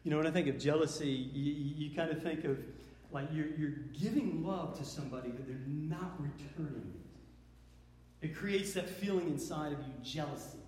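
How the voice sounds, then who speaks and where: A man's voice: fairly high pitch, moderate pace, darkish tone. A man preaching a sermon in an earnest way, often repeating words as he builds emphasis. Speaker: pastor. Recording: echoey hall with long reverb.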